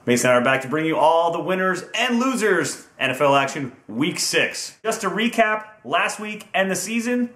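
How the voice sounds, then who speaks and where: A man hosts a casual football predictions video, upbeat and teasing, drawing out team names for fun. His voice is high-pitched and sing-song with a fairly bright tone, at normal speed with hardly any pauses, in an echoey room.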